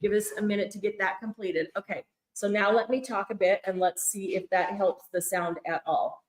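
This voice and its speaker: A woman hosting a live craft fundraiser sale, chatting excitedly and greeting viewers by name, recorded in a large room on a mic draped with fabric. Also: mid-range voice, moderate pace. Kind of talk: live-stream chat. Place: large echoey event room at a craft retreat. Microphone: fixed room mic draped with fabric. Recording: echoey room, muffled tunnel sound.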